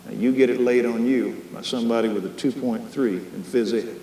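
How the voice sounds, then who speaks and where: A man teaching a Bible study as a sermon, impassioned, swinging from hushed tones to raised, emphatic lines. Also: mid-range voice, brisk. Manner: leads a closing prayer. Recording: echoey hall, faint hum, 1990s.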